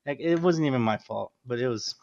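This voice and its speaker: A man hosting a podcast, telling stories in casual chat, animated and swearing freely. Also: mid-range voice, a little fast, gravelly. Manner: animated storyteller, swears freely, says dude a lot. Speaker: podcast host. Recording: dull lo-fi sound.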